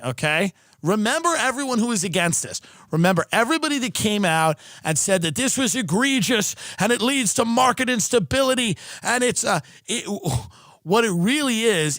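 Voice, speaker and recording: High-voiced man in a profane, sarcastic rant. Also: a bit bright, dry recording, studio quality. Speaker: podcast host, comedian. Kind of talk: comedic political rant.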